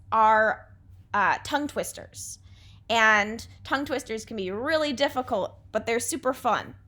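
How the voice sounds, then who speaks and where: A young adult woman teacher giving a remote class lesson, speaking clearly and patiently with an encouraging delivery. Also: on the high side, fairly bright tone.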